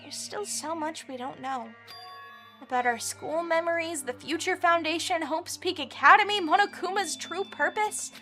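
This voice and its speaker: A woman's voice: very high voice, normal speed, pushed and bright, faint music behind, voice pushed up, exaggerated voice. A woman reading as a weary, gloomy young man narrating. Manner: subdued, reflective narration. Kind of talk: reading game narration aloud on stream.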